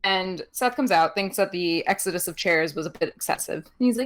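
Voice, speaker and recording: A woman's voice: lowish voice, fairly quick, few pauses. A young woman co-hosting a podcast, recapping wrestling in casual chat with lots of ums and giggles. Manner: chatty with many ums, giggles, animated voices in quotes. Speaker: podcast co-host.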